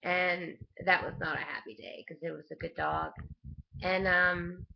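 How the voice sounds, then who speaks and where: A woman with a lowish, gravelly voice rambles through a family story for her online viewers, laughing often and restarting her sentences. The audio is dull and lo-fi, like a cheap webcam mic. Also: steady tone, measured pace. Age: adult with a young son. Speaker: vlogger. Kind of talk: casual storytelling to camera.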